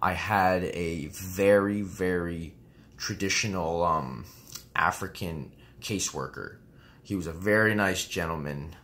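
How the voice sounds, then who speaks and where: A man's voice: low-pitched, measured pace, a bit bright. A man in his twenties telling a personal story casually, rambling and often saying "you know what I mean" with some swearing. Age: 20s. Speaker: vlogger.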